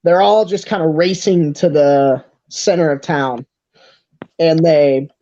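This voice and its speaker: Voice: medium pitch, fairly even intonation, takes it slowly, warm tone, dull audio. Hesitant game master narrating a tabletop game. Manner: hesitant, many fillers and restarts.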